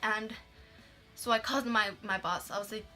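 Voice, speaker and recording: A woman's voice: mid-range voice, steady tone, moderate pace, bright, forceful tone, soft background music. A young woman vlogger telling a story in casual chat. She swears freely, says "like" constantly and drops in Spanish words.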